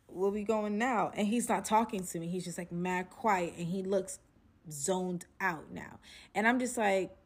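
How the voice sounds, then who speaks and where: Chatty young woman telling a story. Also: mid-range voice. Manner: animated, chatty, addresses viewers as "y'all", heavy "like" fillers. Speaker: storytelling vlogger. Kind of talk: casual storytime narration.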